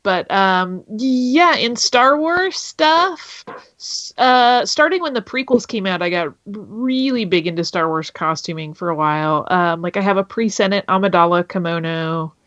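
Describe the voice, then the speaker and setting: A woman's voice: medium pitch, expressive, a little slow, fairly bright tone, no room sound. Chatty woman guest, dry lo-fi call. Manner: chatty, filler-heavy. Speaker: podcast guest. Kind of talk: casual chat.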